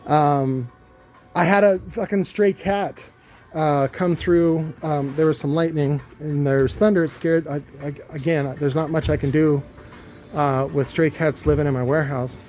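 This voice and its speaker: A man's voice: a little high, steady tone, measured pace, darkish tone. A man in his warehouse workshop, rambling in a casual vlog rant, swearing freely and full of fillers and restarts. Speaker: car audio subwoofer builder.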